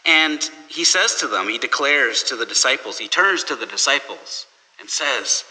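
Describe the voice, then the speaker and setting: A man's voice: mid-range voice, lively intonation, normal speed, bright, forceful tone. A man preaching a sermon in a conversational storytelling way, with restarts. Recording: long hall reverb.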